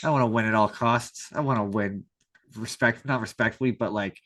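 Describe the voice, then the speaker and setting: Bright-voiced Canadian man on a podcast. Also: fairly low pitch, steady tone, brisk. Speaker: podcast co-host. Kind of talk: casual chat.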